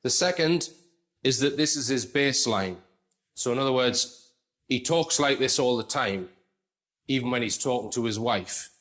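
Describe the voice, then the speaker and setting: A man's voice: medium pitch, normal speed, long pauses, a bit bright. A man presenting an analytical commentary in a conversational way, explaining with asides.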